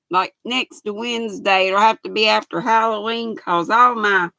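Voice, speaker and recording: A woman's voice: medium pitch, creaky, sharp tone, no echo. An older woman, hosting a casual livestream and greeting viewers by name as she reads the chat aloud. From United States. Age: 60s. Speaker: livestream host.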